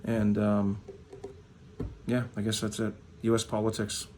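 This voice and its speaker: A man's voice: on the low side, completely flat delivery, measured pace, darkish tone, a little hiss or hum. A man from Manitoba, Canada, hosting a hockey card vlog in a blunt, profane, rambling rant full of fillers.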